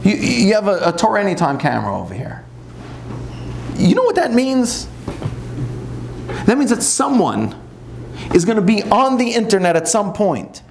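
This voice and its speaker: A man, a rabbi, giving an animated, conversational sermon to a live audience. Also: high-pitched, moderate pace, vocal fry, pauses often, slight background noise. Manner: animated, conversational preaching with acted-out asides.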